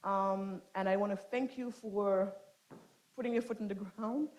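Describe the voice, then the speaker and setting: A woman giving a lecture to an audience, impassioned, swinging from loud emphasis to soft, quiet asides. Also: medium pitch, steady tone, a little slow, poor audio. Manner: frequent restarts and fillers. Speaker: guest lecturer. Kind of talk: speech to an audience.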